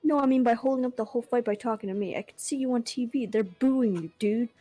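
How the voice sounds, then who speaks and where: A woman on a livestream with friends, teasing and quick in casual banter. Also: a little high, mellow, husky, dry recording, faint music behind. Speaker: livestream co-reader. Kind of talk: casual chat.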